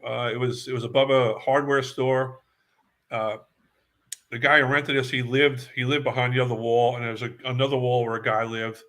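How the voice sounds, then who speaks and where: An older man from New York recalls his band days in a bright, forceful voice. He rambles through his stories and repeats words as the memories come back. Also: mid-range voice, level tone, normal speed. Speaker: guest musician. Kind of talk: casual storytelling interview.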